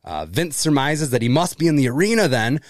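A man's voice: on the high side, sing-song, brisk, no echo, studio quality. A man co-hosting a podcast, recapping in casual chat, laughing often and swearing casually. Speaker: podcast co-host.

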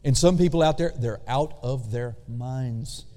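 Slow-preaching man in a reverberant church. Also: medium pitch, mellow. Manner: slow, drawn-out emphasis with call-and-response. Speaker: pastor. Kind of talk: sermon. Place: church sanctuary.

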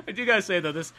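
Male podcast co-host, loose and laughing, slightly high, bright timbre. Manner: loose, profane, laughing, puts on goofy voices. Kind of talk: casual chat.

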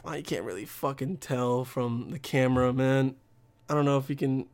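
A young man ranting in a casual vlog, profane and rambling, getting animated. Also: mid-range voice, normal speed. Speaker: vlogger.

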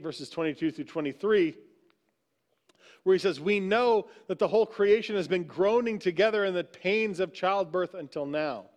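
High-voiced man preaching conversationally. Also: darkish tone. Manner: conversational preaching, frequent "right?" asides. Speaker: pastor. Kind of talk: sermon. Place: church sanctuary.

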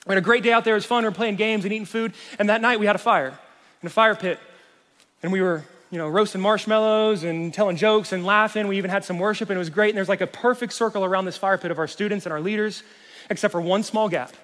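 Man preaching a sermon, high voice, long reverb. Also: quick pace. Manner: animated, swings from loud to hushed. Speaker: youth pastor.

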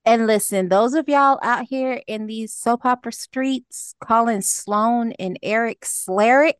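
A woman's voice: fairly high pitch, a little slow, clear, resonant tone, no echo, clean studio sound. A woman co-hosting a casual chat, emphatic and teasingly exasperated. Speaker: podcast co-host.

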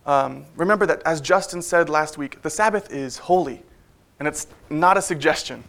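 A man preaching a sermon in a church, in a relaxed, conversational way with frequent fillers and wry asides. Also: a little high, normal speed, gravelly.

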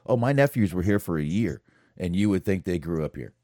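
A man's voice: deep voice, animated, brisk, dark tone, no room sound, clean studio sound. A man co-hosting a casual chat show, talking loosely with frequent swearing and repeated words. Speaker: podcast co-host.

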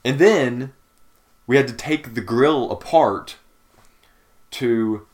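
This young man, a podcast co-host, tells a drawn-out story in relaxed chat, wandering along with many fillers and restarts. He talks slowly at a medium pitch.

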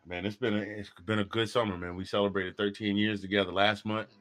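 Male podcast host, casual chat, jokey, talkative, animated. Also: fairly low pitch, brisk.

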